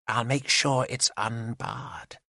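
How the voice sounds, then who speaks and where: A man's voice: medium pitch, fairly even intonation, slow pace, sharp tone, no room sound, studio quality. A male audiobook narrator voicing an odd, plump middle-aged woman who talks in a singsong, childlike way and giggles. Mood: conspiratorial. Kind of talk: audiobook character voice.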